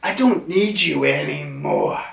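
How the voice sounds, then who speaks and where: A man voicing a cold, domineering giant pirate matriarch who talks slowly and dismissively. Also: a little high, huge pitch swings, creaky, exaggerated voice. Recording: roomy, distant from mic.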